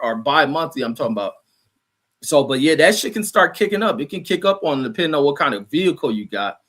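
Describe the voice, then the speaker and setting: Profane, rambling man with a fairly high voice. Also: fairly bright tone. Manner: profane, rambling, many fillers and restarts. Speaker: show host reading live chat. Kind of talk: casual livestream rant.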